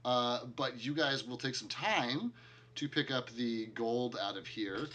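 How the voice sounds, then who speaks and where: A man's voice: medium pitch, measured pace, sharp tone. A man narrating a tabletop game as game master, loose and chatty with lots of filler words. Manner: casual, heavy use of filler "like".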